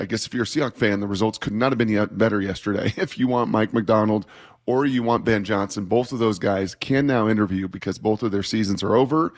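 A man hosting a sports radio morning show, chatting and telling stories with easy laughs. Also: lowish voice. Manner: chatty storyteller, laughs easily. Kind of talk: casual morning radio chat.

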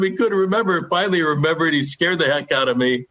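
Slightly muffled like a radio broadcast, the audio catches an older sportscaster recalling a baseball memory on air. His voice is high-pitched, pushed and bright, with lively intonation, a slightly fast pace and few pauses. He tells the anecdote in a folksy, reverent way.

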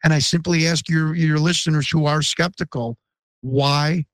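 Insistent American man in his 50s, a podcast guest who pleads his case earnestly; fairly high voice, dry close sound. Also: fairly even intonation, moderate pace, fairly bright tone, no room sound. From Chicago, USA. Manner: earnest and emphatic, insistent questions. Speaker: interview guest. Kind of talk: podcast interview.

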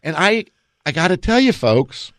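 A man's voice: sits high, dry recording. A man hosts a law talk show on the radio. He is folksy with his listeners and his voice rises and falls a lot. He speaks close on a studio mic in a dry, dead room. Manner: animated and folksy, keeps addressing listeners as folks; reads legal statutes aloud slowly. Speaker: estate and elder law attorney, radio host.

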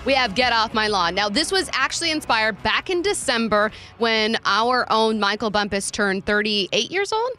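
Female sports radio co-host, upbeat, bright, slightly high voice. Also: big pitch swings, moderate pace, hardly any pauses, soft background music. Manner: upbeat, steering the show. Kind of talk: sports talk radio banter.

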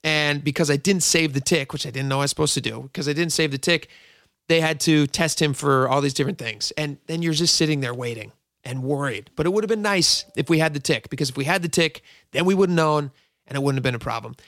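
A man's voice: on the high side, fast talker, a bit bright, no room sound, studio quality. A middle-aged man hosting a radio show, telling a long rambling story with many asides. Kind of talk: casual talk radio monologue.

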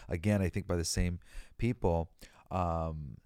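A man's voice: sits low, fairly even intonation, a little slow, darkish tone, smooth, no room sound. A tired, emotional man hosting a casual solo talk, rambling and close to tears. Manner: emotional, rambling, sings snatches of songs. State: tired and teary. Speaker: host. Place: California.

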